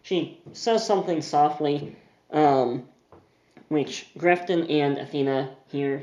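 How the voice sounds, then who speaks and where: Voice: medium pitch, slow pace, warm tone, reverberant, highs cut off. A game master narrating a tabletop game scene in a loose, descriptive way. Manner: descriptive, uses filler words.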